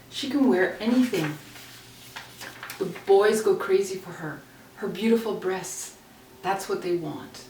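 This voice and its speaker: Woman poet, dramatic reading, lowish voice, echoey home room, mic set back. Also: darkish tone, slight background noise. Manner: dramatic, dynamic reading, drops to near whispers. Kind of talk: poetry reading. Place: her home. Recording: roomy, distant home recording.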